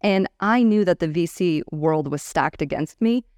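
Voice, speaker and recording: A woman's voice: fairly low pitch, moderate pace, no echo, clean studio sound. A woman in her thirties, a startup founder telling stories in a candid interview, acting out the people she quotes. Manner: animated storyteller, acts out quoted people.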